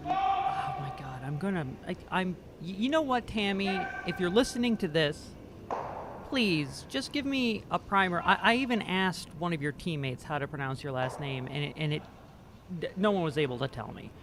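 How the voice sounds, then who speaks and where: A man's voice: high voice, animated, normal speed, background noise. A man doing amateur commentary on a curling game, joking and self-deprecating and stumbling over players' names. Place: curling rink.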